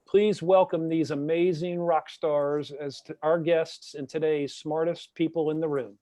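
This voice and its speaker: Man, host, upbeat formal introduction, mellow tone, dry close sound. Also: fairly high pitch, steady tone, a little slow, no echo. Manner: upbeat, formal presenter delivery. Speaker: show host. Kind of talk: read introduction.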